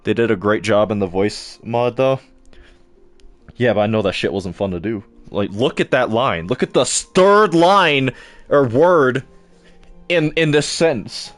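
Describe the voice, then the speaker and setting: A man's voice: mid-range voice, animated, measured pace, no echo, soft background music. A young man chatting casually to his live-stream audience while playing a game, stumbling over words as he talks.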